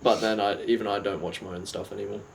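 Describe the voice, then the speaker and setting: A man's voice: fairly low pitch, steady tone, fast talker, creaky, a loud crowd, rough recording. A young man in casual, jokey, rambling chat as co-host of a talk show. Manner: laid-back, rambling, jokey.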